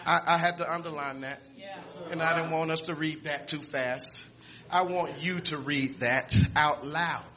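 A man preaching a sermon, reading scripture aloud with restarts and repeats, and rising to shouts and exclamations. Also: on the high side, fairly even intonation, measured pace, crowd noise.

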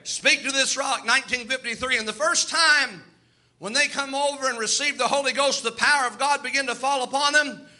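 A man preaching a sermon in a folksy, animated way, slipping into quoted asides. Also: very high voice, fairly quick.

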